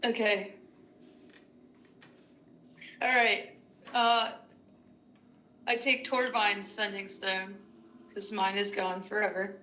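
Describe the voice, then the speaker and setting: A woman's voice: mid-range voice, level tone, slow pace, long pauses, bright, forceful tone, slight background noise. A woman chatting casually as a player in a tabletop game, hesitant and chatty. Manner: chatty and hesitant, many fillers and restarts. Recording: echoey room recording.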